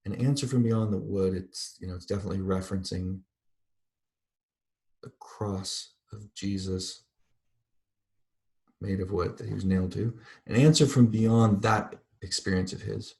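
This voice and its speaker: A man with a fairly low voice teaches a university literature class. He reads passages aloud, then stops to unpack them in a thoughtful, wandering way. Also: fairly even intonation, unhurried, gravelly, long pauses, a little mellow. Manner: thoughtful, digressive explanation. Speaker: literature lecturer.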